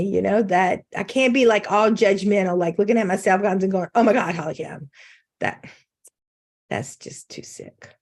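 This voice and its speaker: A woman's voice: medium pitch, darkish tone. A middle-aged woman giving an informal faith talk on a video call, candid and self-mocking, laughing often. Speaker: guest speaker.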